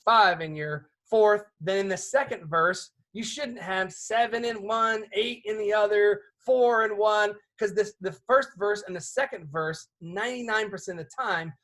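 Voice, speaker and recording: A man teaching a songwriting seminar in a conversational way, often checking in with his audience with quick questions. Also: high-pitched, fairly bright tone.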